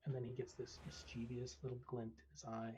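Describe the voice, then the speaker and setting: A game master narrating a live-streamed tabletop game, hesitant with lots of pauses and restarts. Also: mid-range voice, completely flat delivery, dark tone, slight background noise, low-quality recording. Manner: hesitant, many ums and restarts.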